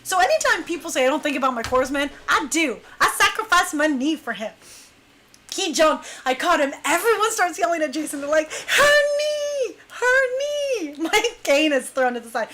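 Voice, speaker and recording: High-voiced woman telling a lively story. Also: fairly quick. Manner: animated, laughs often, acts out quotes. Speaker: dance crew leader telling a story. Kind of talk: casual storytelling chat.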